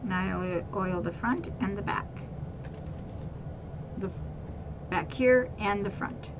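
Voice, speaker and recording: A woman walks viewers through a craft task in a relaxed, chatty way, often repeating words and adding fillers. Her voice sits at an ordinary middle pitch. The home recording carries clearly audible background noise. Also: slow pace, lo-fi sound. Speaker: craft tutorial host. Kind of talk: casual how-to demonstration.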